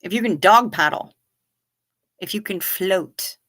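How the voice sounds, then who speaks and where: A woman's voice: medium pitch, a little slow, fairly bright tone. A woman hosting a livestream, answering chat questions in casual, profane, sarcastic talk.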